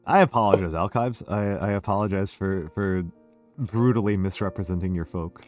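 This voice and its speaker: A man's voice: deep voice, normal speed, soft background music. An older American man hosting a casual, tipsy drinking stream, rambling and self-deprecating, swearing freely. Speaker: streamer host.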